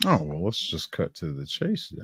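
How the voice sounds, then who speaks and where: A man's voice: low-pitched, wildly swooping pitch, moderate pace, sharp tone, slightly rough, no echo, clean studio sound. A man giving crude, sarcastic running commentary while reacting to a video as the host.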